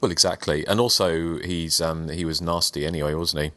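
A man's voice: low-pitched, steady tone, a little fast, sharp tone, dry recording. A man co-hosting a casual podcast chat, hesitant, with many fillers and restarts. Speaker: podcast co-host.

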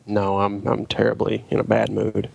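Gravelly man with halting speech. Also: fairly low pitch, monotone, darkish tone, highs cut off. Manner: halting, stumbling restarts. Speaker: podcast co-host. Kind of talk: casual chat.

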